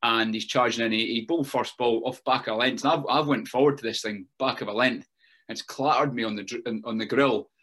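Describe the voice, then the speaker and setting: A man's voice: medium pitch, fairly even intonation, brisk, fairly bright tone. A man with a Scottish Borders accent talks casually on a podcast. He rambles, stacking fillers and repeating words as he tells his stories. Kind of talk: casual chat.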